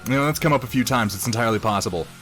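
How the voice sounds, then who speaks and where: A man's voice: mid-range voice, lively intonation, racing, a bit bright. A man streaming live while painting, chatting casually, rambling and poking fun at himself as he greets viewers. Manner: rambling, self-mocking, reads out chat names. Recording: faint music behind. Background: faint music.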